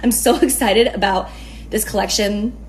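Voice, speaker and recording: A woman's voice: mid-range voice, moderate pace, low-quality recording. A woman beauty influencer chatting through a makeup tutorial, gushing, giggly and often profane.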